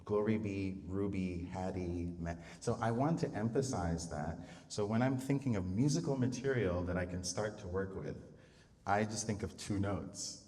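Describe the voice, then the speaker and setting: In a live talk at a public venue, a composer explains how he sets words to music, thinking aloud with fillers and restarts. His lowish, darkish voice is animated and moderately paced, captured by a distant mic in a reverberant space.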